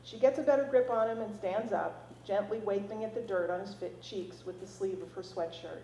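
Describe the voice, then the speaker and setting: A woman author reads from her novel at a library event. She is expressive and drops in casual asides. The sound is roomy, with a faint hum behind her. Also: medium pitch, a little fast, few pauses, muffled recording. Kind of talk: reading her novel aloud.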